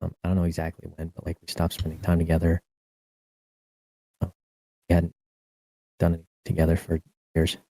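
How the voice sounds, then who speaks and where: A man on a recorded voice call, talking quietly and hesitantly in a mumble, with his mic cutting out. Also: low voice, completely flat delivery, normal speed, vocal fry, long pauses, no echo, poor audio. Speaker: streamer on a call. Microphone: voice-call microphone cutting out.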